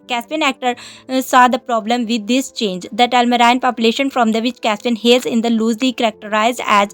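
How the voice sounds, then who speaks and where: A woman reading a scripted film commentary, halting often with "uh" pauses. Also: a little high. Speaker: narrator.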